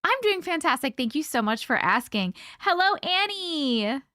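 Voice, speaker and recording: A bubbly woman with a high, bright voice chats casually with viewers on her live stream. She greets people one after another in a sing-song way and giggles often, and the sound is close and dry. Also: big pitch swings, brisk, dry recording. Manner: chatty and giggly.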